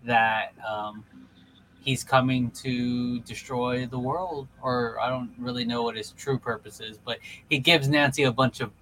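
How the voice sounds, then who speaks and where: A man's voice: medium pitch, steady tone, unhurried, a bit bright, a little hiss or hum, rough recording. A young man co-hosting a casual chat, rambling with many fillers and restarts. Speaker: podcast co-host.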